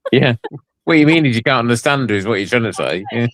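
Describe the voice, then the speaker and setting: A man's voice: mid-range voice, expressive, fairly quick, a bit bright. A man chatting as a guest on a livestream, joking, teasing the host and laughing often. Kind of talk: casual chat on a livestream.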